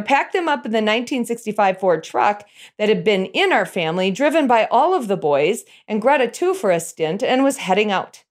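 A middle-aged woman telling a personal story in an animated way, chuckling as she goes. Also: on the high side.

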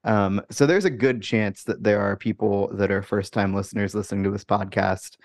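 A man co-hosting a sports podcast, talking in a casual, wry, halting way. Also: fairly low pitch, fairly even intonation, creaky. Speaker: podcast co-host. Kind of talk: casual chat.

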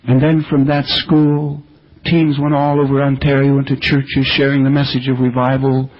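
A man's voice: medium pitch, completely flat delivery, normal speed. An older man preaching a sermon, earnestly telling revival stories with quoted speech, on an older radio broadcast. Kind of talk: sermon storytelling about revival. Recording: dull lo-fi radio recording.

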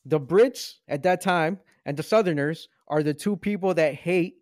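A man co-hosting a casual movie podcast, arguing his points in an animated, mock-serious way and laughing often. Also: on the high side, moderate pace, no echo, clean studio sound. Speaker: podcast co-host. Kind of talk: casual movie review chat.

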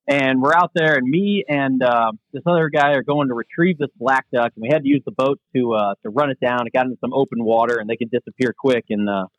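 Animated man telling hunting stories. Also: mid-range voice, fast, hardly any pauses, no room sound, poor audio. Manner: animated, anecdotal storyteller. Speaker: guest, veterans outdoor program leader. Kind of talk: casual interview storytelling.

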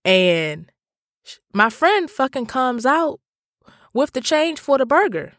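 A man's voice: extremely high pitch, big pitch swings, slow, a bit bright, no echo, clean studio sound. Profane, slangy man telling a story. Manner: talks straight to listeners. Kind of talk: casual storytelling monologue.

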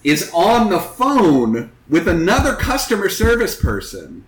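A man from Northeast Ohio rambles through a long story in casual chat, swearing and acting out other people's lines. His voice is high with wildly swooping pitch, a little slow, and the room is echoey.

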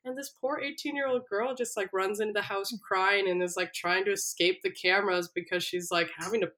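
Animated young woman retelling a story. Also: mid-range voice, a little fast. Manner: animated storyteller, acts out quotes, laughs often. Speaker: podcast co-host. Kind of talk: casual chat, retelling a reality show.

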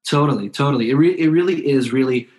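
A man's voice: mid-range voice, fast talker, a little mellow. A man speaking as a podcast guest in a casual interview, earnest and heartfelt, often restarting his sentences.

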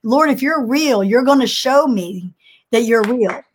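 A woman retelling the words of a troubled young man in her own voice, halting and unsure. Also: on the high side, lively intonation, slightly rough.

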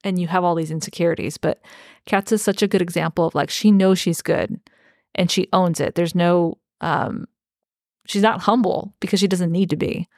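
A woman with a somewhat low voice talks through a book with earnest enthusiasm as a podcast co-host. The sound is dry and close to the mic. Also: steady tone, normal speed, a little mellow, no room sound. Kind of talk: casual book club chat.

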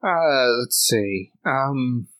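A man's voice: medium pitch, lively intonation, drawn-out words, a bit bright. A man co-hosting a podcast, telling long stories in casual chat, laughing often and restarting his sentences. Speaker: podcast co-host.

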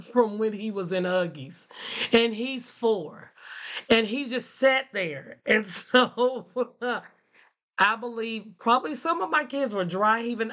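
A woman teacher telling a funny classroom story in a playful, animated way, laughing often. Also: a little high. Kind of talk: casual storytelling.

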